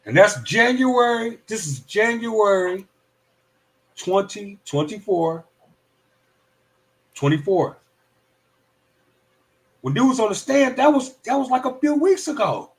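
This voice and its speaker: A man's voice: sits high, slow, pauses often. A man hosting a live stream, giving heated, profane commentary and now and then slipping into mocking voices. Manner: animated, profane, slips into mock voices.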